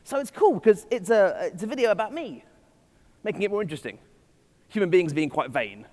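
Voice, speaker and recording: An English conference speaker presents a keynote on a festival stage in a large hall, teasing himself in playful asides to the live audience. His voice is high yet darkish in tone, with big pitch swings and a brisk pace. The large hall gives long reverb.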